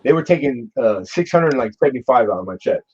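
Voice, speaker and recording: A man in his forties tells a long personal story in a casual chat. He talks in an animated way, swears freely and keeps restarting his sentences. His voice sits at an ordinary male pitch, and the recording sounds dull and lo-fi. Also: fast talker, breathy edge. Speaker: guest telling a personal story.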